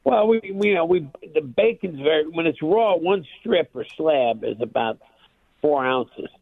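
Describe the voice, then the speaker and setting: Chef guest on a tinny phone line. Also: male voice, a little high, measured pace, creaky, breathy edge, no room sound. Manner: relaxed, plainspoken, explaining. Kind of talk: phone interview.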